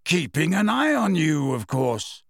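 A man voicing a wry, teasing grown man in an audiobook reading, delivered with lively intonation. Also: fairly high pitch, measured pace, no room sound, studio quality, full character voice. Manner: teasing, self-assured.

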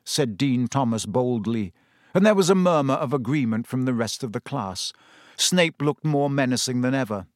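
A man reading a story aloud in measured, scripted narration. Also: mid-range voice, dry recording, clean studio sound. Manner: measured storytelling, lively intonation. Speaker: audiobook narrator.

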